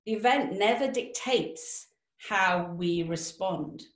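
A woman giving a motivational webinar talk, lively and direct, asking the audience questions. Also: mid-range voice, takes it slowly, echoey room. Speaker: webinar speaker.

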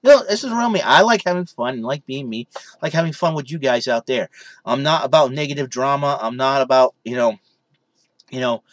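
A man's voice: mid-range voice, animated, fairly quick, dry recording. A young man casually vlogging from his room in his parents' basement, rambling and saying "you know" constantly. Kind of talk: casual vlog chat.

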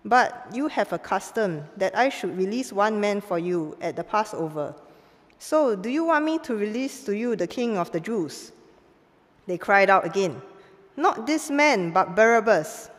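A woman giving a formal Bible reading in a church service, measured and clear, lifting her voice for the quoted lines. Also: mid-range voice, lively intonation. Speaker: scripture reader. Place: church sanctuary. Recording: long church hall reverb.

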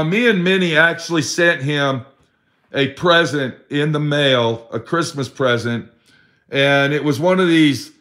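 A man's voice: on the high side, fairly bright tone. A middle-aged man telling a sad personal story in a rambling, profane way. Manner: profane, rambling, acts out his friend's voice in quotes. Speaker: vlogger telling a story about a friend.

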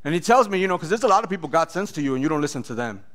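Bright-voiced man preaching his testimony. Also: a little high, racing. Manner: animated storytelling, acts out voices, laughs often. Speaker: pastor. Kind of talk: sermon testimony.

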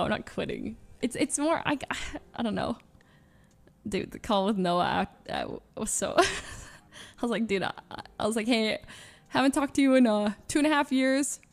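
A woman streamer opens up to her viewers in a faltering, heartfelt confession, her voice a touch high with a gravelly fry at the edges. She keeps stopping and restarting phrases, slipping in nervous little laughs as she searches for words. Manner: halting and searching, with many restarts and fillers. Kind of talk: emotional confession to a stream audience.

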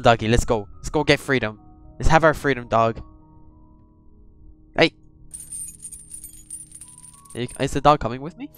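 A man's voice: mid-range voice, fairly bright tone, clean tone. A man hosting a horror game let's-play, jumpy and swearing, chatting to the characters on screen. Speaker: gaming channel host.

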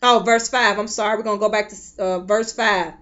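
A woman preaching a sermon with impassioned swells and soft drops, at times breaking into tongues. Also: medium pitch, fairly even intonation, a little fast, muffled recording. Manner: speaks in tongues between phrases.

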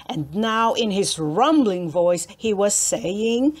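A woman reading a children's storybook aloud in a slow, expressive storytelling manner. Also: medium pitch. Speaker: read-aloud book narrator.

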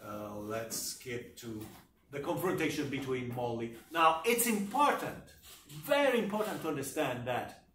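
A man giving a university literature lecture, talking in a deliberate, emphatic way and often checking in with his listeners. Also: medium pitch, pushed and bright, a little hiss or hum. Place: lecture room. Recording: echoey room, voice from far off.

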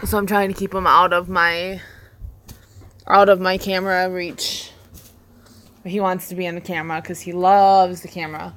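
A woman's voice: fairly low pitch, flat delivery, normal speed, pauses often, a bit bright, slight background noise. A woman babysitting while she chats casually on a live stream, rambling, repeating herself and laughing often, recorded indoors at a home.

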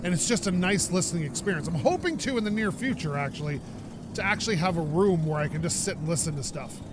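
A Canadian gaming YouTuber rambles through casual let's-play commentary, laughing often and sounding a bit stuffed-up from dust. His voice sits high, and the background is noisy.

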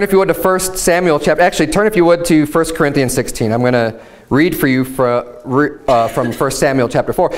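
A male pastor delivers a sermon in a voice pitched a little above most men's. He talks earnestly, slipping into relaxed asides and fillers, then draws his words out and lifts his voice when he drives a point home. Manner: earnest preaching, rising higher and drawing words out for emphasis.

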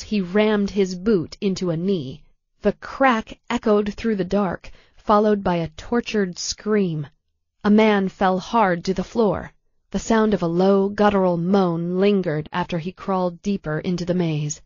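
Woman audiobook narrator, deliberate and tense, dry slightly muffled recording. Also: mid-range voice, darkish tone, dry recording. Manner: measured, tense, deliberate reading.

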